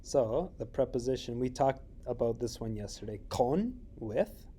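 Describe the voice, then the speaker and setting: A man teaching a recorded Spanish lesson, explaining slowly with many fillers and checking questions. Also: medium pitch, expressive, warm tone.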